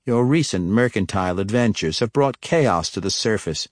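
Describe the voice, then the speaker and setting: A man doing a cold, scheming dark elf matriarch. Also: fairly low pitch, animated, moderate pace, dry recording, studio quality, close to an everyday voice. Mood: calm scheming. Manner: sharp, resolute, cold.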